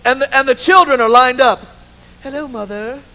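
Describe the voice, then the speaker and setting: A man preaching a sermon in church, an animated, humorous storyteller who keeps saying "you know". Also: very high-pitched, fairly quick, rough recording. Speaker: pastor. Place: church with a live congregation.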